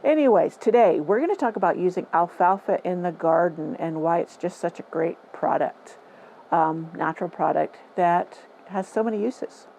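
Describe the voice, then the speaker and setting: A woman's voice: fairly low pitch, lively intonation, moderate pace, a little mellow, slight background noise, poor audio. A middle-aged or older woman hosting a gardening vlog, talking casually and opinionatedly, repeating points for emphasis, recorded in a greenhouse. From Northern California. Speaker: gardening channel host. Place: greenhouse on a rainy day. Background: faint dripping rain ambience.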